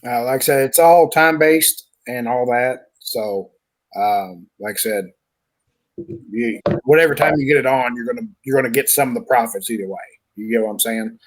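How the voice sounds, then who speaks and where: A man's voice: medium pitch, moderate pace, low-quality recording. Casual man fielding audience questions. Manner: loose, repeats "like I said". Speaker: platform developer answering questions. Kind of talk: live online Q&A.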